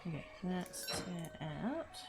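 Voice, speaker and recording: A woman streaming a game, chattering to herself and her viewers, squealing with excitement now and then. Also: lowish voice, takes it slowly. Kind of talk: casual gameplay livestream chatter. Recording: game music playing underneath.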